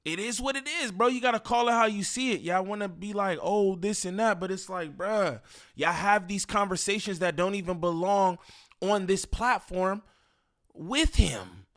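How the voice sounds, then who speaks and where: Male commentator with a higher voice, casual slang, loose repeating delivery. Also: animated, normal speed, fairly bright tone. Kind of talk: reaction commentary.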